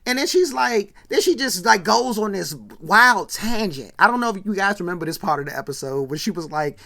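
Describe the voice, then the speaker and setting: A woman's voice: medium pitch, lively intonation, a little fast, vocal fry, few pauses, fairly bright tone. A woman giving a chatty, slangy recap of an old sitcom episode, with asides to her viewers. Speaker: vlogger.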